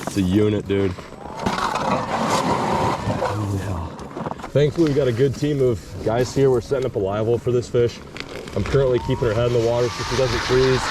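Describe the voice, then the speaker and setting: A young man filming an excited ice-fishing vlog outdoors on a frozen lake, repeating his exclamations as he lands a fish. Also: fairly low pitch, a little fast, long pauses, heavy background noise. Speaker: fishing vlogger.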